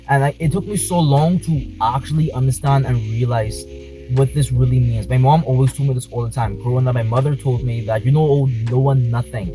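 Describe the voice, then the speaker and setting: A man's voice: medium pitch, fairly even intonation, a little fast, dark tone, faint music behind, poor audio. A man vlogging from inside a car, speaking passionately and emphatically, repeating his points. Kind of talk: talking to camera in a car.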